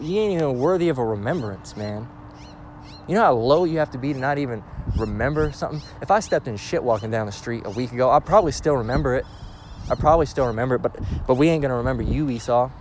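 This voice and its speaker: A man with a mid-range voice acts as a street preacher, giving an informal scripture lesson over background noise. He reads the verses slowly, then breaks them down in blunt slang, asking "all right?" over and over.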